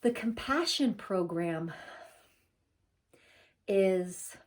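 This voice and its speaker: A woman's voice: mid-range voice, animated, very slow. A woman in her forties talking casually to camera as a spiritual vlogger, chatty and laughing often, with many fillers.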